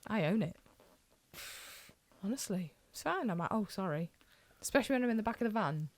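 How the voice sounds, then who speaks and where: A woman in her forties co-hosting a casual podcast chat, reacting quickly and laughing along. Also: medium pitch, expressive, a little mellow. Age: 40s.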